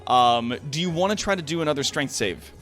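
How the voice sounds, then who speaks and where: Brief: man game master, lively rambling narration, soft background music. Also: on the high side, fairly quick. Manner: rambling narration, many fillers and restarts, laughs often.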